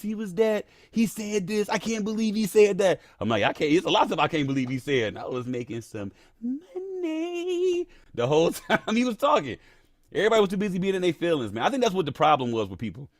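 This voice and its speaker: Lively, animated man chatting on a livestream. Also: fairly high pitch, no echo, studio quality. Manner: animated, laughing often, reads chat aloud. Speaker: livestream host. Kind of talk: casual livestream chat.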